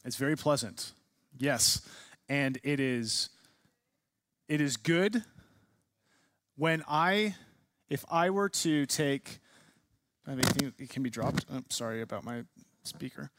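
A man's voice: medium pitch, lively intonation, takes it slowly, pauses often, a bit bright, no room sound, studio quality. A man teaching a class, leading a discussion and asking students many questions. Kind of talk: classroom lecture.

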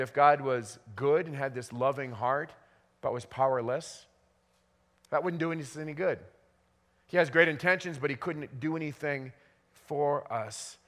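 A man's voice: medium pitch, a bit bright, long reverb tail. A male pastor giving a conversational sermon, often restarting his sentences as he talks through a psalm. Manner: conversational preaching with frequent restarts.

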